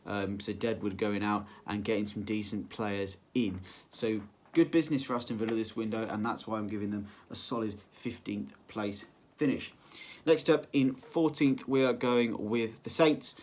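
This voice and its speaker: A man's voice: lowish voice, moderate pace, slight background noise. A man giving casual football predictions, rambling with lots of ums and self-corrections. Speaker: football vlogger. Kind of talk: casual solo prediction vlog.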